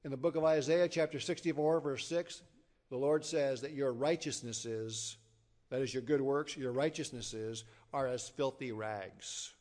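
A man preaching an evangelistic sermon, emphatic and storytelling, swinging from loud declarations to hushed low endings. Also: unhurried.

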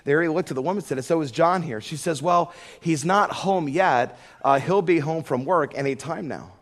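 A man's voice: on the high side, normal speed, a bit bright. A middle-aged man preaches, spinning a folksy story in a slightly raised voice. He builds to fervent emphasis as he makes his point about prayer. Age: middle-aged or older. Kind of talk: storytelling sermon.

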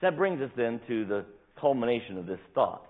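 A male pastor preaching a sermon with animated delivery, acting out scripture quotes, his voice tiring. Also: mid-range voice, fairly quick, narrow, tinny audio. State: voice tiring, dry throat. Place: church sanctuary.

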